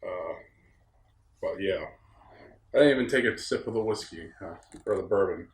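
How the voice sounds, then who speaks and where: Rambling upstate New York man, low voice. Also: fast. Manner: rambling, plain-spoken, folksy. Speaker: podcast host. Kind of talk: casual solo talk. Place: room on a ranch. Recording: roomy echo.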